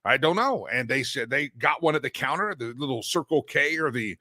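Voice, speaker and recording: A man's voice: medium pitch, fairly quick, pushed and bright, dry recording. A man hosting a casual solo talk show from a studio, rambling and joking with frequent restarts and playful asides. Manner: rambling, self-interrupting, playful. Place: broadcast studio. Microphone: studio microphone.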